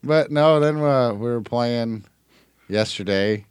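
Slow-talking laughing man telling stories. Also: mid-range voice, clean tone, no room sound, studio quality. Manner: laughing storyteller, swears a lot. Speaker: podcast co-host. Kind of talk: casual gaming chat.

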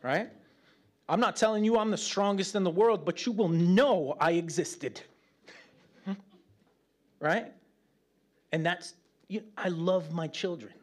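Guy giving a relaxed bible talk, kinda high voice, lively and chatty, cracks little jokes to the room. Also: takes it slowly, long pauses. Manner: animated and chatty, with joking asides to the room. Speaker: preacher. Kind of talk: conversational Bible teaching.

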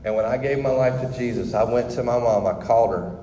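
Man, candid testimony speaker, warm and mellow, roomy hall with long reverb and faint background ambience. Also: mid-range voice, brisk, a little hiss or hum. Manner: candid and conversational, with frequent restarts. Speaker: speaker sharing his testimony. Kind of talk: personal testimony to a group.

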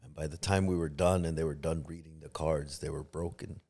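Speaking briskly in a mellow, husky bass with fairly even intonation, a middle-aged pastor from around Los Angeles shares a personal story on a podcast. He acts out quoted voices and restarts many times.

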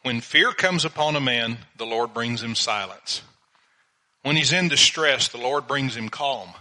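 An older man, a pastor, preaching a sermon in a slow, measured way and reading Bible verses aloud. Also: medium pitch, expressive, bright, forceful tone, poor audio.

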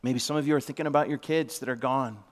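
A man's voice: medium pitch, fairly even intonation, fast talker. A middle-aged man giving a sermon as a pastor, telling a heartfelt story and sometimes dropping to a whisper. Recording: long reverb of a large hall.

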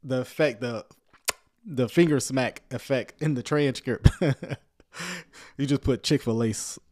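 A man giving casual livestream commentary on a sermon, sarcastic and rambling, often chuckling and filling pauses with "um.". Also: mid-range voice, darkish tone. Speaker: online commentator reacting to a sermon.

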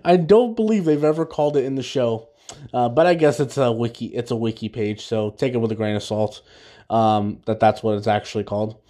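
A man's voice: medium pitch, brisk, mellow. A young man hosting a podcast, recapping an episode in a rambling, casual way, full of fillers and restarts. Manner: rambling, many fillers and restarts, laughs at his own jokes. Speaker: podcast host.

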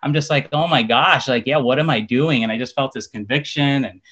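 A man's voice: mid-range voice, a little fast, fairly bright tone, slightly rough, muffled recording. A man telling a personal faith story in casual, rambling talk full of fillers. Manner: rambling, many fillers like "like" and "you know". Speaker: person sharing a faith testimony.

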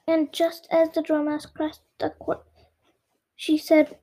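Child reader, high mellow voice, slow careful storybook reading with slips. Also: monotone, poor audio.

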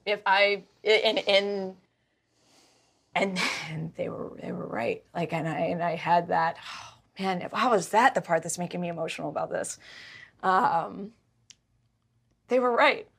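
A woman telling a personal story in casual conversation, emotional and animated, often stumbling and restarting her sentences. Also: lowish voice, measured pace, creaky, long pauses, breathy edge.

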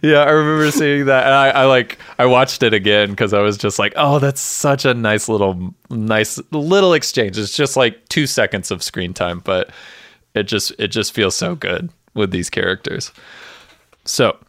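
Low-voiced man, casual podcast chat. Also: moderate pace, no echo. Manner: animated, acts out scenes with voices. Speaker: podcast co-host. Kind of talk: casual chat recapping a TV episode.

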